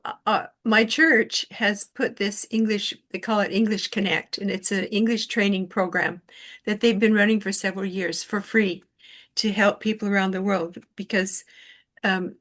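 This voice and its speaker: A woman's voice: medium pitch, steady tone, normal speed, a bit bright. A woman hosting a casual conversation over an online call, telling chatty stories and laughing often. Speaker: host.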